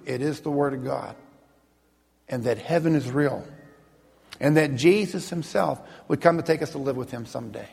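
A man, a minister, telling his personal testimony in an earnest, vivid storytelling manner, slowing down for emphasis. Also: medium pitch, gravelly, darkish tone, husky, big-room sound.

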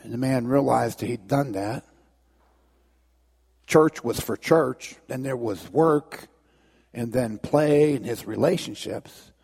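Gravelly preacher telling a dramatic story. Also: male voice, medium pitch, slow pace, long pauses, darkish tone, in a large hall. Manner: dramatic, repetitive, with restarts. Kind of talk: sermon storytelling.

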